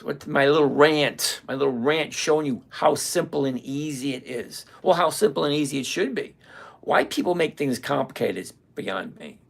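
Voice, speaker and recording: A man's voice: a little high, vocal fry, slightly rough. A man in his sixties hosting a casual live stream, blunt and ranting, greeting viewers by name. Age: 60s. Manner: blunt, ranting, self-mocking.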